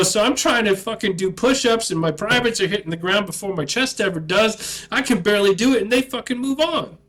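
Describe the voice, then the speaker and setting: High-voiced man telling an army story. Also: rough recording. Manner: profane, animated retelling. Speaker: army veteran. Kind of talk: casual storytelling.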